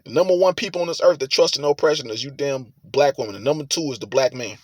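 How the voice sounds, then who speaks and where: A man reading scripture aloud with sermon commentary, forceful and profane, rising to loud emphatic reading. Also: mid-range voice, fast, no echo. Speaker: preacher.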